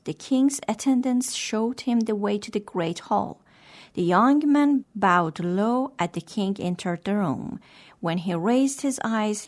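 A woman hosting and reading a moral story aloud in a gentle, measured way. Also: fairly high pitch. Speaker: storyteller and host. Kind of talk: scripted story narration.

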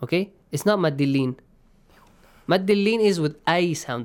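A man teaching Quran recitation rules. He explains patiently, checks in with his students, and chants verses in a slow, stretched way. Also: on the high side, animated, clear, resonant tone. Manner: patient, checks in often with "okay?" and "yes?". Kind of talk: online class, explaining and reciting.

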